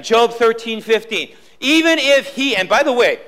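Man, pastor, very high voice, sharp and bright, emphatic sermon, church. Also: animated, moderate pace. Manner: emphatic preaching, repeats key lines, drops low for quotes. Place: church sanctuary.

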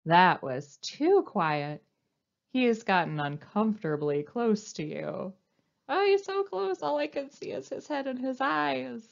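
Lively sing-song woman reading to children. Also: a little high, measured pace, vocal fry, lo-fi sound. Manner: animated, sing-song, coaxing. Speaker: children's librarian. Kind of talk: storytime read-aloud.

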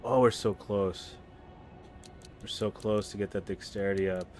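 Rambling male game streamer, low voice. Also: normal speed, over music. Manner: rambling, loud excited outbursts at the game. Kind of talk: casual live gameplay chat.

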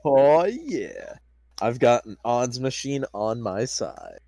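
A man's voice: mid-range voice, big pitch swings, slow, warm tone, no echo. A young man playing in a tabletop game, joking and eager in casual banter. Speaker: player.

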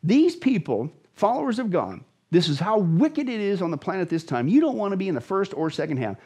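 A man's voice: high voice, big pitch swings, fairly quick, dark tone, breathy edge. A man, a pastor, explaining Bible prophecy as a guest in an emphatic, dramatic way, repeating words for emphasis. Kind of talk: emphatic Bible teaching in conversation.

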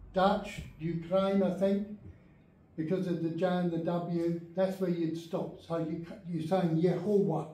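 A man's voice: high-pitched, mellow. A man teaching an adult Bible class, emphatic and often checking that his listeners follow along. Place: church meeting room. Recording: very echoey room, speaker far from mic.

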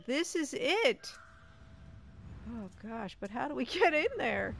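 A woman playing a video game and chatting casually, excitable, with frequent gasps and giggles. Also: on the high side, unhurried, vocal fry, faint music behind. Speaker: let's play gamer.

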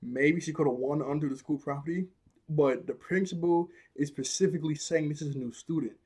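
A young man casually recapping and reviewing a cartoon episode, animated and slangy, laughing often as he retells scenes. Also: fairly high pitch, a little fast, husky.

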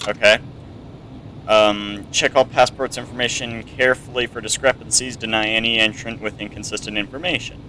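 A man's voice: fairly low pitch, pushed and bright, a little hiss or hum. A young man casually commenting on a video game playthrough, reading on-screen text aloud with chatty, joking asides. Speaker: gamer playing through a game.

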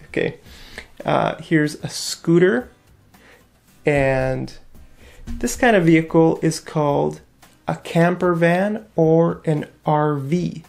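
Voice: mid-range voice, takes it slowly, gravelly, pauses often, a little mellow. A teacher giving a vocabulary lesson to English learners, repeating each new word and asking the class questions.

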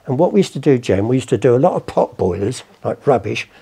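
Older guy, 70s, husky and gravelly, dark tone; a rambling, salty raconteur for a guest spot. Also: medium pitch, big pitch swings, fast. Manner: rambling, swears, acts out the people in his stories. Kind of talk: casual anecdotal storytelling.

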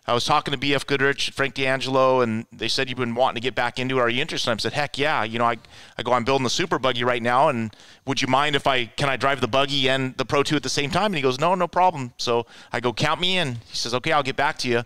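A man tells stories in a casual, animated way, jumping into the voices of the people he quotes. His voice is bright and clear. The recording is dry, with little room sound. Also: medium pitch, fast talker, dry recording. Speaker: guest, offroad racer. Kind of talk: casual storytelling.

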